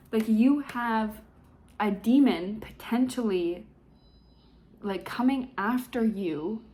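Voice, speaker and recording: A woman's voice: medium pitch, darkish tone. A young woman recapping a book for a vlog in a chatty, sarcastic way, full of fillers. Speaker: book reviewer.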